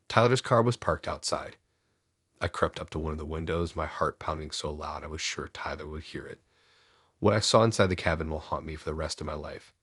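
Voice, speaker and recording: A man narrating first-person horror stories in a steady, hushed, scripted delivery. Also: very deep voice, husky, no echo, studio quality.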